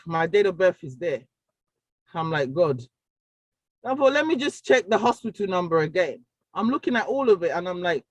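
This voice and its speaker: A woman giving a personal testimony, her voice sitting in a middle range. She tells the story with animation, acting out what each person said, and the recording is dry with no room echo. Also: mid-range voice. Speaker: speaker sharing a personal story.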